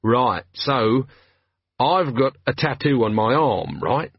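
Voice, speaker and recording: A man's voice: medium pitch, expressive, slow, slightly rough, no echo, highs cut off, heavily acted. A man playing a cheeky, chatty watchman who rambles.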